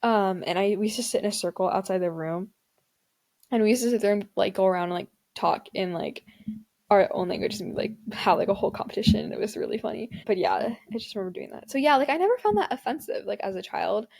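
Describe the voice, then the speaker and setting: A young woman chatting alone on her podcast, loose and rambling, dropping "like" into nearly every phrase. She laughs often as she talks, with a relaxed, unscripted flow. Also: mid-range voice, quick pace, gravelly. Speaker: podcast host. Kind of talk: casual solo chat.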